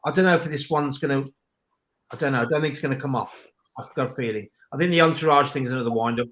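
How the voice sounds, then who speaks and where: A man speaking as a panelist on a casual football podcast, excitable and rambling, often cutting in. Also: mid-range voice, quick pace.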